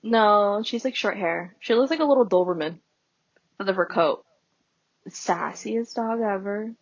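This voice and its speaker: A woman's voice: medium pitch, a little slow, no echo, highs cut off. A woman guest on a podcast in casual chat, chatty and giggling between remarks.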